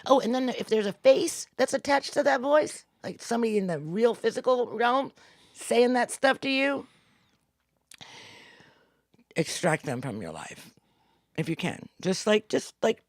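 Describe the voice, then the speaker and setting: A woman co-hosting a live video call, giving a spontaneous motivational talk, animated and often dropping to a hushed, intense tone. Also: fairly high pitch, measured pace, dry recording, studio quality. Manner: animated, acts out inner voices, drops to hushed intensity. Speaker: co-host, spiritual coach.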